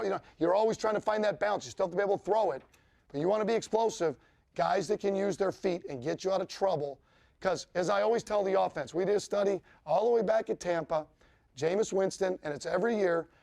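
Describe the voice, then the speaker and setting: A football coach walks players through film in a blunt, emphatic way, swearing freely as he makes his points. His voice sits high for a man and carries a gravelly rasp. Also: darkish tone. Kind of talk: film-room coaching talk.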